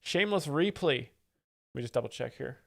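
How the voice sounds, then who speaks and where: A man hosting a live stream, giving mock-expert commentary and reading chat in a deadpan, easily distracted way. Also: medium pitch, normal speed, creaky, no room sound, clean studio sound. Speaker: livestream host. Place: home setup with several screens.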